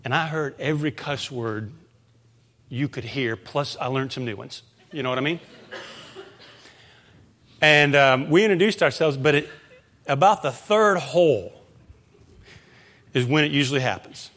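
A male pastor preaching a conversational sermon, moving into animated storytelling. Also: mid-range voice, measured pace, long pauses.

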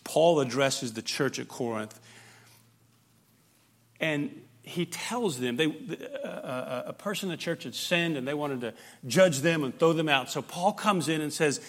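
A fervent pastor in the middle of a sermon, his fairly high voice rising loud and urgent, then dropping to a near hush. He leans hard into key phrases and repeats them. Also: expressive, measured pace. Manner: emphatic, dynamic, swings from loud to hushed.

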